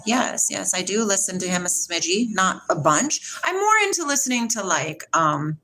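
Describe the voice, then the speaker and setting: A woman's voice: lowish voice, a bit bright, poor audio. A woman hosting a casual livestream, chatting and reading viewer comments aloud, laughing often and greeting people by name. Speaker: livestream host.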